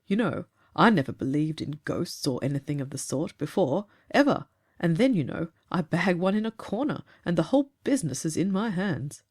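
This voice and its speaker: A woman voicing a calm, earnest grown man who tells of catching a ghost, in a storybook reading. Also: fairly low pitch, slightly rough. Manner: measured, earnest, slightly aggrieved.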